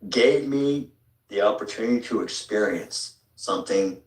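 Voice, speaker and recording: A father speaking angrily to school officials, bitter and accusing, heard from a distance in a large meeting hall. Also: moderate pace. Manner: bitter, accusing, low and heavy delivery. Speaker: father addressing a school board. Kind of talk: angry public speech. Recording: echoey room picked up from a distance.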